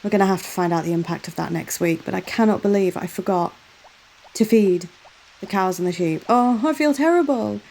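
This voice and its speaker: A woman's voice: lowish voice, fairly even intonation, a little fast, mellow, poor audio. A woman host doing a chatty voiceover for a game playthrough, often exclaiming in exasperation at herself. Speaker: gaming channel host.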